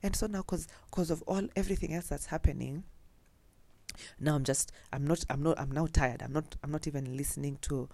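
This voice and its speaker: Gravelly-voiced Kenyan woman telling stories. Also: low-pitched, fairly quick, dark tone, no echo. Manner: chatty, mixing in Swahili phrases, laughing often. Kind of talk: casual storytelling.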